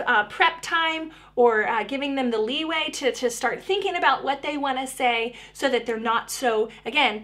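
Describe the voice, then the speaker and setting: A woman's voice: fairly high pitch, a bit bright. A woman speech therapist giving parents practical tips in a friendly, conversational way, often restarting her sentences.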